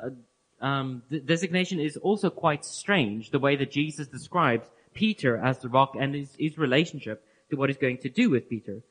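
A man giving a Bible teaching talk, earnest and explanatory, who repeats key phrases and lets his phrase endings fall soft and low. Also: normal speed. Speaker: preacher.

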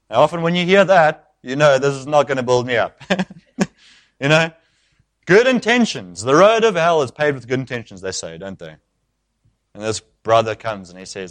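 A man preaching an expository sermon, switching into acted speech with sudden loud bursts. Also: mid-range voice, very animated, moderate pace.

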